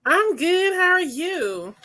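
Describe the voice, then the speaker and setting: A woman's voice: very high voice, sing-song, slow, pushed and bright. A woman co-hosting over a video call from a computer, bantering in a sassy, playful way. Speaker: co-host.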